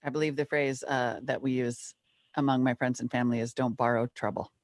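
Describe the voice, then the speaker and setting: A woman's voice: rumbling low, steady tone, fairly quick, no echo, studio quality. A woman co-hosting a casual news chat, earnest and emphatic, repeating her key points. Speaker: co-host.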